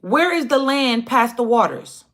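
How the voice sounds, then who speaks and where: A woman hosting a livestream, telling a story in a casual, animated and profane way. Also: fairly high pitch, measured pace. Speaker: livestream host.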